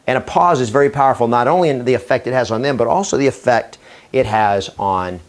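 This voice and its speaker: A man speaks straight to the camera in an energetic coaching talk, at a mid pitch. He drops in deliberate pauses before key words to build weight, and his tone stays upbeat and persuasive. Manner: enthusiastic, uses deliberate dramatic pauses. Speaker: real estate trainer. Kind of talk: energetic training video monologue.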